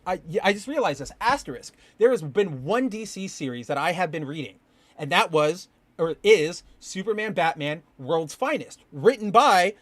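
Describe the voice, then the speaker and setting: A man with a fairly high voice hosting a casual podcast, rambling and animated, swearing when excited. The sound is dry and close. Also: no echo. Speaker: podcast host. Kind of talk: casual comic book commentary. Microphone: live stream with chat.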